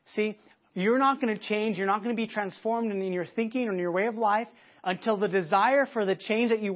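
Conversational male pastor, dull lo-fi audio. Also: sits high. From United States. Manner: conversational preaching, acting out quoted thoughts. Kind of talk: sermon.

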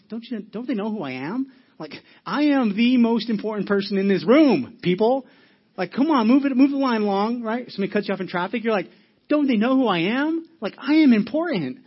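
A man preaching a sermon at a fast clip, voice a little higher than most. He tells his story with frequent restarts and quick acted asides. The audio is dull and lo-fi. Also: husky. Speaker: pastor.

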